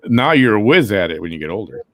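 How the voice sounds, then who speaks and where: A man with a lowish voice hosts a relaxed podcast chat, easygoing and earnest with his guests. The sound is dry and close. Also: fast, no echo. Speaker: host.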